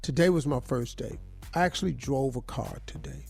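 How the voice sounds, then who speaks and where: A man's voice: mid-range voice, normal speed, gravelly, loud music behind the voice. A man hosting a radio morning show, telling stories in loose, slangy talk and often repeating himself. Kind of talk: animated casual storytelling. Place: radio studio.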